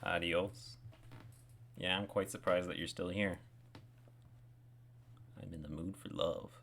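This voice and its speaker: Man, very low voice, casual streaming chat, chuckling, repeats phrases aloud, faint typing in the background. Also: slow, a little hiss or hum. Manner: relaxed, chuckling, repeats phrases to try out accents. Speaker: language-learning streamer.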